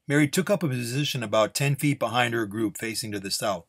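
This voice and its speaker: A man reading a Western story aloud in an unhurried, relaxed way. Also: mid-range voice, slightly rough. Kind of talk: storytelling narration.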